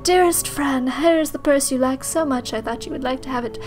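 A woman's voice: high voice, fairly quick, a little mellow, faint music behind, natural voice. A woman reading a loving aunt's letter aloud in a tender tone. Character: loving aunt writing a letter.

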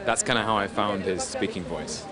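British man, actor, lowish voice, animated, chatty, outdoor premiere, crowd noise behind. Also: normal speed. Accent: British English. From Britain. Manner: animated, laughs, restarts often. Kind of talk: red carpet interview.

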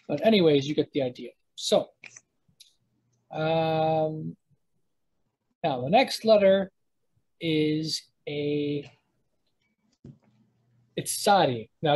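A teacher talks through a casual lesson in a husky, breathy voice at an ordinary middle pitch. The delivery rambles, with frequent fillers, restarts, and thinking aloud while explaining. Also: darkish tone, low-quality recording. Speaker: language teacher.

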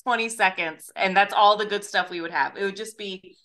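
A woman's voice: mid-range voice, fairly quick, bright, forceful tone. A woman chatting casually as a podcast guest, playful, laughing easily and swearing casually. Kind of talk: casual chat.

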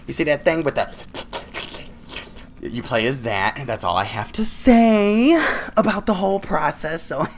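A young man doing loud, joking let's-play commentary, his voice swinging high and low as he plays. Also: unhurried, creaky, pauses often. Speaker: gaming YouTuber.

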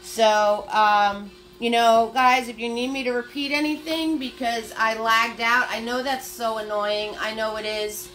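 A woman's voice: fairly high pitch, steady tone, measured pace, hardly any pauses, fairly bright tone, faint music behind. Chatty woman teaching a painting stream. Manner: chatty, upbeat, talks viewers through steps. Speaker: paint party instructor. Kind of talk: live-streamed painting lesson.

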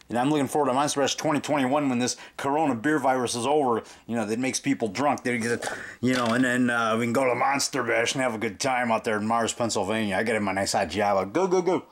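Man filmmaker, rambling casual vlog chat, average pitch. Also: a bit bright. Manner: rambling, chuckling, acts out old memories. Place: house basement.

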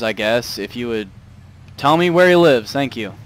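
A young man commentating a video game playthrough, muttering asides and breaking into loud swearing outbursts. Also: medium pitch, animated, normal speed. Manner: swings between mumbled asides and loud angry outbursts, swears a lot. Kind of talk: let's play commentary.

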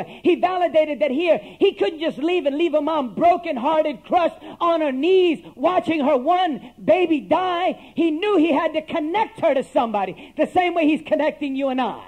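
High-voiced impassioned male pastor preaching. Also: darkish tone. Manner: impassioned, calls for amen from the congregation. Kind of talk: sermon.

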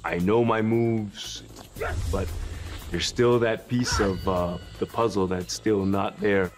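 A man's voice: fairly low pitch, steady tone, slow pace, music in the background. A man hosting a documentary, narrating his training and speaking candidly in interviews with an earnest, self-deprecating manner. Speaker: documentary host training at a temple.

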